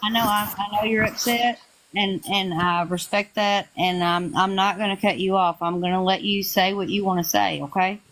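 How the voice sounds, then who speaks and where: A woman hosting a live stream, answering accusations in a calm, measured way. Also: mid-range voice, low-quality recording.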